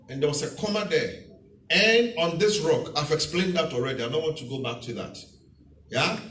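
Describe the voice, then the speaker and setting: Lively pastor preaching in an echoey hall. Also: male voice, a little high. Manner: teaching verse by verse, repeating key phrases for emphasis. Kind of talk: sermon. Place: church hall. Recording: echoey church hall, mic at a distance.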